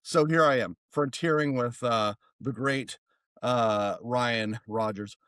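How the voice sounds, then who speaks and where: An American man, a therapist, telling a story as a podcast guest in a rambling, animated way. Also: mid-range voice, slow, no room sound. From United States. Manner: rambling, animated, many restarts. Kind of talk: casual storytelling.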